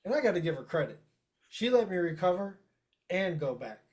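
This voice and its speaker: Brief Man co-host, higher-pitched, blunt and profane, animated storyteller. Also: brisk. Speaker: podcast co-host. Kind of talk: casual chat.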